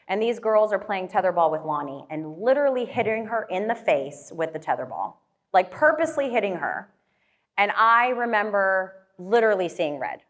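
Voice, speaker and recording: A woman motivational speaker telling a personal story to an audience in a casual way, with many fillers and questions thrown to the crowd. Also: fairly low pitch.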